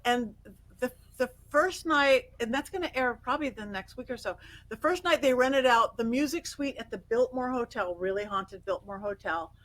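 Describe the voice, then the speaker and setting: A middle-aged woman guest on an interview, telling stories in an animated way, acting out quotes and laughing often. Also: fairly high pitch, normal speed, poor audio. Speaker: guest psychic medium. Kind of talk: casual interview storytelling.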